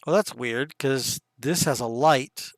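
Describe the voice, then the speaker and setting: A young man narrating and running a tabletop game as game master, casual with quick asides. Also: mid-range voice, no room sound, studio quality.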